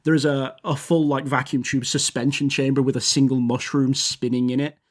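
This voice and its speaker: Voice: mid-range voice, flat delivery, moderate pace. A game master, narrating a tabletop game in a casual, rambling way full of fillers.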